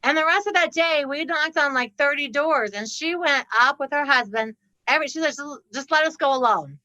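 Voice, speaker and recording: A woman guest on a podcast, telling a story with lively laughter and acting out the people in it. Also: sits high, brisk, no room sound, rough recording. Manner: laughs often, acts out the people in her story. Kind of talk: animated storytelling.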